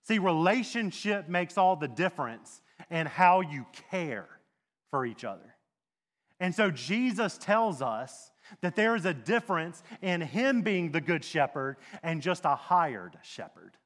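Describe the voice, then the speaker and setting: A man preaching a sermon as a pastor, talking in a conversational, animated way with rhetorical questions and asides. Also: a little high, a little slow, big-room sound.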